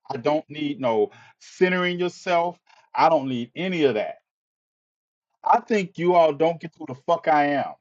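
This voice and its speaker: A man's voice: on the high side, expressive, moderate pace, a little mellow, muffled recording. A man hosting a live stream, ranting with exasperation, swearing, stammering and repeating himself. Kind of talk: impassioned live-stream monologue.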